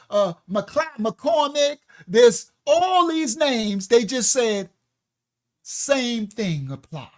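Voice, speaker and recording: Slow, emphatic livestream preacher man. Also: high voice. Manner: emphatic, preachy, reading from books with laughing asides. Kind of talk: livestream teaching.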